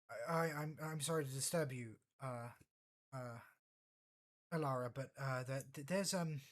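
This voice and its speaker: A woman voicing a nervous alien receptionist who stutters apologetically. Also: low voice.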